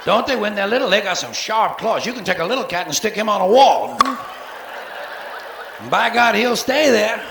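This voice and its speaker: A man's voice: sits high, expressive, moderate pace, creaky, echoey room, noisy background. A man in his forties doing a profane, sarcastic stand-up routine on a live theater stage, recorded from the soundboard. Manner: profane, sarcastic, acts out cat voices. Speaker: stand-up comedian.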